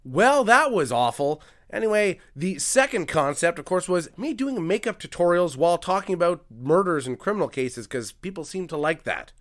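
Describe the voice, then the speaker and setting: A man hosting a comedy podcast, delivering a monologue in an energetic, mock-grandiose and self-mocking manner. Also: high-pitched, normal speed, few pauses, over loud music. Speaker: podcast host.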